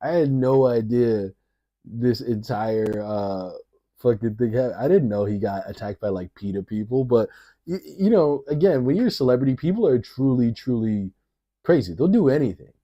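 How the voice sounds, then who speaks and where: A man's voice: mid-range voice, normal speed, mellow, muffled recording. A man reacting to a video in casual, rambling commentary, swearing freely and often laughing as he talks.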